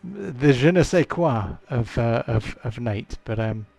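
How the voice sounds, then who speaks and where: Slow, gravelly-voiced male game master. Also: mid-range voice, expressive, darkish tone, dry recording. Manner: halting, thinks aloud with fillers. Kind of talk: narrating a tabletop game.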